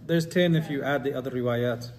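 A man's voice: mid-range voice, a little fast. A man teaching an Islamic study class, reading quotes aloud and putting questions to his students. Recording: long hall reverb, faint ambience.

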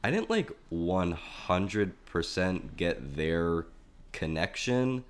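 A man's voice: sits low, lively intonation, takes it slowly. A man co-hosting a film podcast in casual chat, analytical and leading the discussion.

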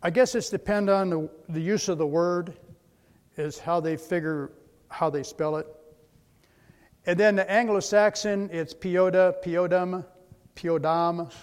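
A man giving a slide presentation lecture, methodical, spelling out words letter by letter. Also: a little high. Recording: long hall reverb.

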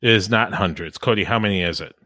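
A man hosting a podcast in casual chat, chatty and quick to laugh, often trailing off mid-sentence. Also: lowish voice, sharp tone, no echo. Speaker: podcast host.

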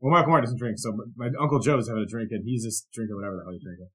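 A man's voice: mid-range voice, animated. A man co-hosting a casual podcast, jumping in to retell family stories and talking over the others. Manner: fast, talks over others, retells stories with quoted outbursts. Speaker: podcast co-host. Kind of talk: casual storytelling chat.

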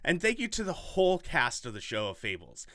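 A man's voice: fairly high pitch, huge pitch swings, a little fast, bright, forceful tone, no room sound, clean studio sound. A man hosting a podcast in casual chat, rambling and enthusiastic with lots of fillers. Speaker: podcast host.

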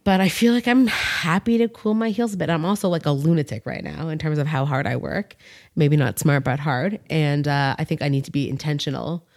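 A woman in her thirties hosting a podcast, chatting frankly and telling animated stories, swearing freely. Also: low voice, fairly quick, no room sound, studio quality. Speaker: podcast host. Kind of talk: casual chat.

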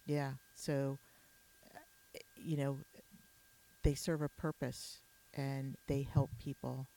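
A woman's voice: very deep voice, flat delivery, slow, vocal fry, mellow. A woman hosting a podcast interview, chatty and casual, with many fillers and restarts. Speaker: podcast host.

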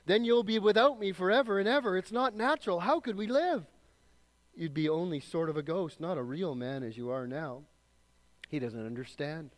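A man voicing a small red lizard that begs and wheedles in a high, loud voice while reading a story aloud in a sermon. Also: animated, normal speed. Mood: frantic. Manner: high, loud, frantic begging. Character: pleading, wheedling little male red lizard.

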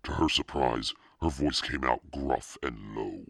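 A demonic Satan narrator reads a spooky storybook in a bottomless, gravelly rumble. He drags out every word slowly and menacingly, his breathy rasp sitting close in a completely dry studio. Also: a bit bright, no room sound, exaggerated voice. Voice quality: extremely deep, gravelly and husky. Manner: slow, menacing storytelling drawl. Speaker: podcast narrator. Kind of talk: scripted narration.

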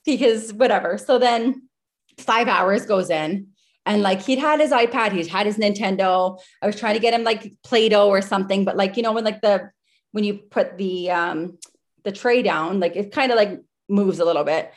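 A woman's voice: mid-range voice, normal speed. A woman in her thirties, a podcast guest, telling a story in a casual, chatty way over a video call, with lots of filler words. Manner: chatty, with many "like" fillers and breathless retelling.

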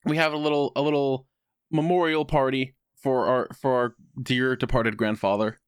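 A man on a podcast, telling a personal story in casual chat with a wry tone and quick put-on voices for other people. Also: mid-range voice, steady tone, clear, resonant tone, dry recording, studio quality. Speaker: podcast co-host.

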